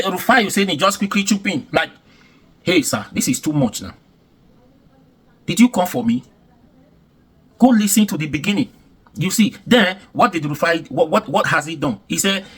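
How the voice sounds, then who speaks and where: Nigerian male vlogger, fired-up rant, slightly high and husky voice. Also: a bit bright. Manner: indignant, emphatic, repetitive ranting. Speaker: commentary vlogger. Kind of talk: heated reaction commentary.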